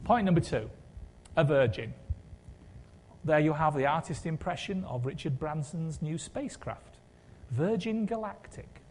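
A man's voice: a little high, lively intonation, a little slow, long pauses, a little mellow, slight background noise. A man preaching a sermon in a conversational way, with wry humour and rhetorical questions.

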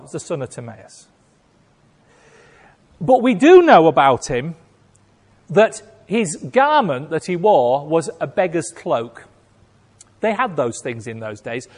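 A man preaching a sermon, telling a story with acted-out voices and big swings between loud and hushed. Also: fairly high pitch. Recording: long hall reverb.

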